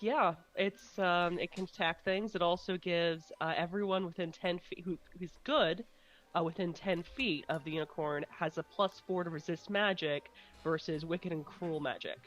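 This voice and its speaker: A woman playing a tabletop game, lower in pitch, with frequent ums as she reads out rules. Soft music plays in the background. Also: moderate pace, lo-fi sound. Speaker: player. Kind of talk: casual tabletop game chat.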